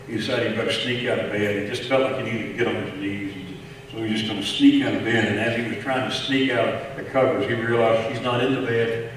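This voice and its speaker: A pastor with a Texan accent preaches to his congregation, telling a story and often stumbling over repeated words. His somewhat low voice moves between hushed passages and raised ones. He is recorded from far off in a big echoey church hall with a faint hiss underneath. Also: steady tone, fast talker. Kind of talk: sermon. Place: large church sanctuary.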